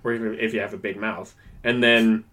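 A man's voice: fairly low pitch, level tone, fairly quick, bright, forceful tone. A man co-hosting a podcast in casual chat, rambling and poking fun at himself. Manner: rambling, self-mocking, chatty. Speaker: podcast co-host.

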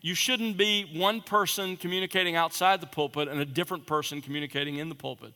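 A man's voice: a little high, fairly even intonation, quick pace. A man teaching preachers about sermon delivery in an emphatic lecture style, stressing and repeating his key points. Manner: emphatic, repeats key points, drops to a quiet conversational voice to demonstrate. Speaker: preaching instructor. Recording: long reverb in a large hall.

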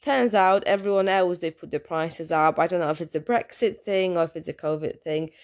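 A woman's voice: lowish voice, a little fast. A woman hosting her own podcast, telling an everyday story in a chatty, rambling way that wanders off and circles back. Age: adult, in a long-term relationship. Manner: rambling, chatty, self-interrupting. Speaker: podcast host. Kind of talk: casual solo podcast storytelling.

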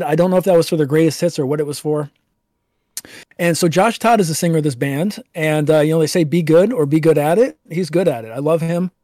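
A man's voice: fairly high pitch, dark tone, no room sound, clean studio sound. A man hosting a casual podcast, reading band history and then raving about an album, swearing casually. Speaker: podcast host. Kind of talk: casual album review chat.

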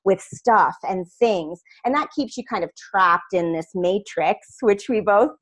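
A woman's voice: mid-range voice, unhurried. A woman talking as a guest in an earnest, reflective conversation.

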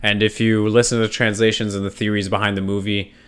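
A man's voice: fairly low pitch, flat delivery, quick pace, clear, resonant tone. A man from Poland hosting a podcast in casual chat, rambling and swearing for emphasis. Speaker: podcast host.

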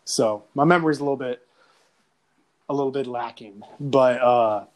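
A man's voice: mid-range voice, moderate pace. A man chatting casually, rambling through stories, laughing often and slipping into impressions. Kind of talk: casual chat.

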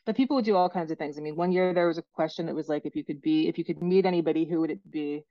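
A woman author, a guest on a podcast, telling relaxed anecdotes about her own life in casual conversation. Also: sits low, very fast, dry recording. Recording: dull, dry lo-fi audio.

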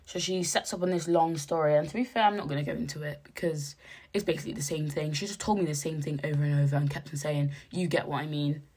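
Husky young woman, hoarse. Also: fast talker. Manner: animated, slangy, jumps to high exclaims when quoting. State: hoarse after a night out. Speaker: podcast host. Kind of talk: casual chatty storytelling.

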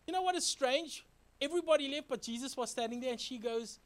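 High-voiced man preaching earnestly. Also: normal speed. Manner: earnest, conversational preaching with repeated exhortations; animated, joking storytelling with sound effects. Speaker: pastor. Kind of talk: sermon.

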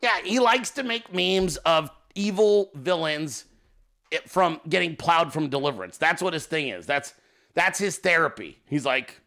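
Male podcast host, casual and profane, jokey, lively swooping delivery, fairly high voice, a tense, sharp edge to the tone. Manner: profane, joking, quick to laugh.

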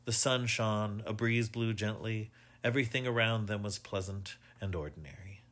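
A man reading a mystery story aloud as narrator, in a measured, even storytelling manner. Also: fairly low pitch.

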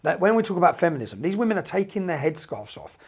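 A man with an English accent, telling stories fast in a casual podcast chat and checking in with "yeah?". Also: high voice, big pitch swings, breathy edge. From England. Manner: rapid, repeats "yeah?" to check in. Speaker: podcast guest. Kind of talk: animated storytelling in casual talk.

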